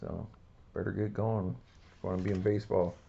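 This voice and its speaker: A man's voice: low-pitched, little pitch movement, brisk, creaky, warm tone, dull audio. A man hosting a casual card-opening video, talking in a rambling, laid-back way. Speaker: card-collecting channel host.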